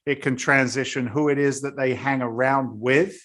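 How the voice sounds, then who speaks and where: A man's voice: mid-range voice, steady tone, moderate pace, a bit bright. A man, a guest in a casual interview, telling his story bluntly and with animation. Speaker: guest, real estate investor.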